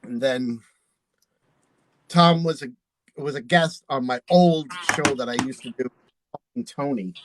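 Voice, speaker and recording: A man's voice: mid-range voice, measured pace, pauses often, poor audio. A man, a drag performer and channel host, chatting casually while doing makeup and laughing often.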